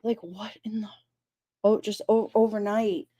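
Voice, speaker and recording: Dark-voiced woman in animated chat. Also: mid-range voice, unhurried, lo-fi sound. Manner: animated, exclaiming, laughing, incredulous. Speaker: streamer talking true crime. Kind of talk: casual live-stream chat.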